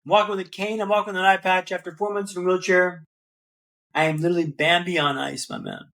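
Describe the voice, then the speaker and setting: High-voiced man telling a story. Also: flat delivery, fast, vocal fry, fairly bright tone. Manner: vivid, rhythmic storyteller who repeats phrases and calls the host "man". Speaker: podcast guest. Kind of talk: dramatic storytelling in an interview.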